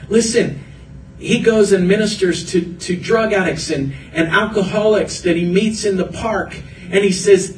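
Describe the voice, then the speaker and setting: A man's voice: high voice, roomy sound, distant mic, a little hiss or hum, low-quality recording. A man preaching a sermon as pastor, earnest and building through repeated phrases. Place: church hall.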